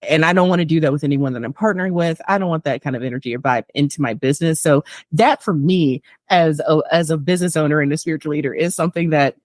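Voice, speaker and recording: A woman's voice: sits low, fast, dry recording, studio quality. A woman guest in a casual chat who tells stories with lots of laughter and mimics other people's voices. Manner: animated storyteller, mimics voices, laughs often. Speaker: guest, tarot business owner.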